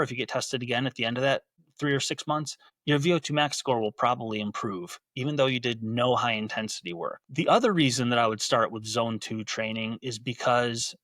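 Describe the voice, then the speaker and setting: Man, fitness podcast host, casual explaining, middle pitch, dry close recording. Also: fairly bright tone, no room sound. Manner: conversational, repeats words while restarting sentences. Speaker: podcast host and gym coach.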